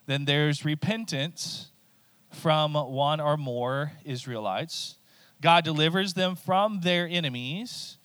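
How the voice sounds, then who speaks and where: A middle-aged male preacher teaches in a relaxed, chatty way and keeps asking his listeners to follow along. His voice sits at an ordinary pitch, and the sound is close and dry. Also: dry recording. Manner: conversational, checks in with listeners. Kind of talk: sermon teaching.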